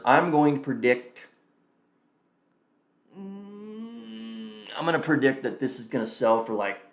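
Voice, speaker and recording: A man's voice: medium pitch, fairly bright tone. A man hosting a live stream, chatting casually and thinking aloud as he reacts and mutters to himself. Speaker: livestream host. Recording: roomy echo.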